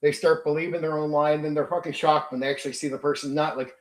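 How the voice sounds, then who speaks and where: A man's voice: fairly high pitch, fairly even intonation, fast talker, few pauses, echoey room. A man hosting a tabletop gaming stream, ranting bluntly and profanely at his chat. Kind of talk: livestream rant.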